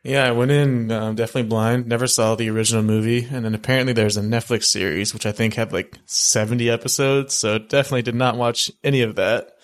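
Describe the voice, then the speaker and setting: Young man, casual film review chat, flat monotone delivery, rambling with fillers. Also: mid-range voice, fast, few pauses. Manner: rambling, many fillers and restarts. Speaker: film podcast co-host.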